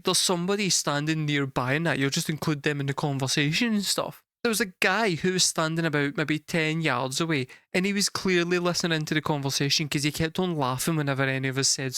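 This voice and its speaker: A young Scottish man telling a story casually to a live chat, animated and swearing freely, laughing through the punchlines. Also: a little high, clear, resonant tone, no room sound, clean studio sound. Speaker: music reaction streamer.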